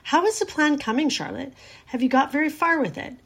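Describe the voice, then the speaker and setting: A woman's voice: sits high, animated, a little fast, vocal fry, voice pushed up. A woman voicing a young, timid male pig who speaks eagerly and anxiously. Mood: eager, worried. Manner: eager, worried and pleading.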